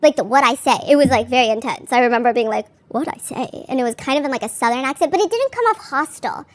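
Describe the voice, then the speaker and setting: A woman's voice: high voice, animated, very fast. A woman podcast host giving casual, chatty commentary on a court case, full of "like" fillers and candid asides.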